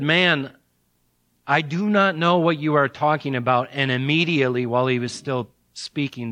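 A male pastor preaching an expository sermon, reading scripture aloud with strong emphasis and sudden drops to a hushed tone. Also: mid-range voice, no room sound.

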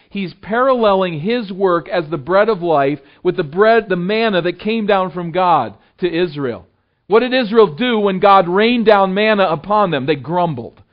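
Preaching man with a slightly high voice. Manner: preaching with rising emphasis, dropping low and soft for appeals. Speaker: pastor. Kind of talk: sermon. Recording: dull lo-fi sound.

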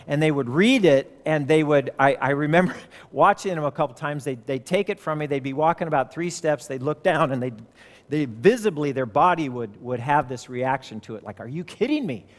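A man's voice: a little high, moderate pace, long reverb tail. A middle-aged man preaching a sermon, telling a story in a conversational, earnest way with frequent restarts.

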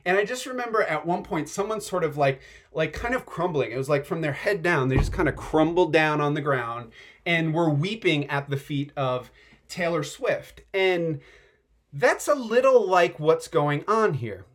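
A man preaching a sermon in a chatty, animated way, often saying "like" and building up excitement. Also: a little high, moderate pace. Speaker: pastor. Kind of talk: conversational sermon.

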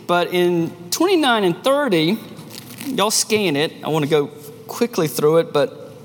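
A man preaching a sermon as a pastor, with an animated delivery that rises and drops sharply. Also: sits high, big-room sound.

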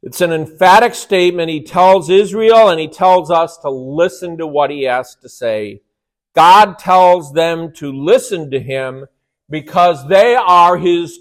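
A man delivering a sermon at a slow, deliberate pace, his voice sitting a little above the usual male pitch. He presses his points with emphasis and keeps asking his listeners whether they follow. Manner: emphatic, rhetorical questions. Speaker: pastor.

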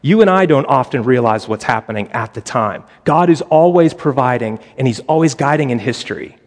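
A man's voice: medium pitch, lively intonation, brisk. Man preaching in a reverberant hall. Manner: conversational preaching with voiced quotes and asides. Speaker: pastor. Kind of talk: sermon.

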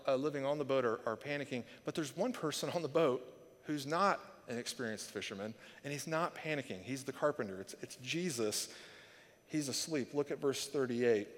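A man delivers a sermon in a slightly higher voice, chatty and animated, often restarting his phrases. His voice rings with the long reverb of a large church hall. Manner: animated storytelling, chatty asides, frequent restarts. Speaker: pastor.

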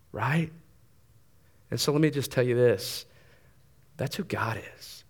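Animated man preaching a sermon. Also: a little high. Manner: animated, conversational preaching with quick asides and repeated words. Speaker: pastor.

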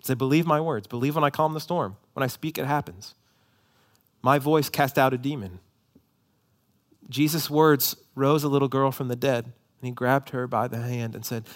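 Dynamic preaching man, fairly high voice. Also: moderate pace. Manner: dynamic preaching, swinging from loud urgent emphasis to hushed intimate appeal. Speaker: pastor. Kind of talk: sermon.

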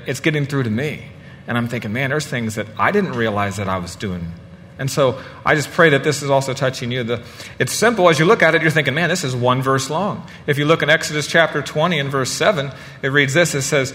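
A man's voice: medium pitch, brisk, bright, forceful tone, in a large hall. A man giving a sermon in a lighthearted, storytelling way, often repeating words as he finds his place. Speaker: guest preacher.

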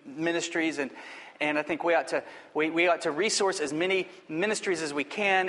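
Earnest male preacher, high voice. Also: fairly bright tone. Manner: earnest, exhorting, with restarts. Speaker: pastor. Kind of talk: sermon. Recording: long hall reverb.

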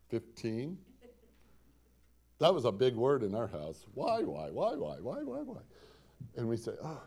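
Warm and medium in pitch, a man's voice delivers a pastor's sermon. He recites scripture dramatically with mounting emphasis and repetition, and he asks the congregation rhetorical questions.

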